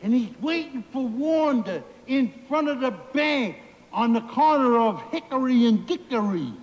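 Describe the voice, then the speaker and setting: A giggly, sing-song simpleton squeaks out silly jokes in a very high voice at a slow, dawdling pace. It comes from an old TV comedy broadcast, with a long reverb tail and steady hiss. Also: male voice, muffled recording. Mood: goofy. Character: goofy simple-minded man telling jokes. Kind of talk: 1960s TV comedy sketch.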